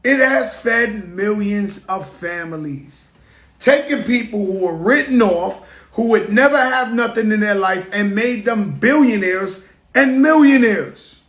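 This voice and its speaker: A man from the Bronx with a New York accent, talking in an emphatic, animated way as he tells stories on a casual live stream. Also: high voice, measured pace, echoey room. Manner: emphatic, animated storytelling with call-outs to viewers. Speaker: rapper speaking on a live stream. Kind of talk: casual motivational monologue.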